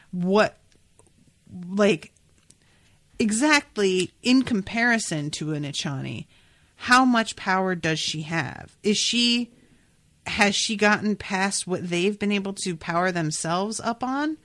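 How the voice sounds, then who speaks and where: A woman hosting a podcast, chatting casually about a book and reading passages aloud, thinking out loud with lots of fillers. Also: mid-range voice, lively intonation, a little slow. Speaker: podcast host.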